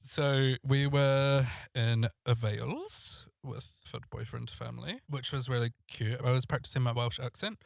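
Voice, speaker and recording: Camp gossipy man with a gravelly voice. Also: medium pitch, steady tone, measured pace, few pauses, dry recording, clean studio sound. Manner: camp, gossipy, laughs often. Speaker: podcast co-host. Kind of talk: casual chat.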